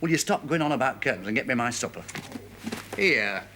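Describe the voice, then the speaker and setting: A man doing a brusque yorkshire trucker who's done being talked down to, old tv drama sound, a bit far from the mic, talks quick. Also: mid-range voice, animated, close to an everyday voice. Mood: grumbling. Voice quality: blunt, brusque. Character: gruff working-class Yorkshire lorry driver.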